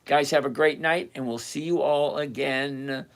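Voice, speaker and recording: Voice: medium pitch, unhurried, creaky. Live trading stream host, talks straight to chat, repeats stuff a lot to drive it home. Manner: animated, repetitive, chatty and direct. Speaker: livestream host teaching options trading. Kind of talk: live stream, reading out and answering chat questions.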